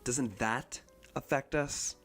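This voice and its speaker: A man's voice: medium pitch, a little slow, fairly bright tone, soft background music, natural voice. A man voicing a smug young male yuppie who drawls mockingly, in a novel read aloud.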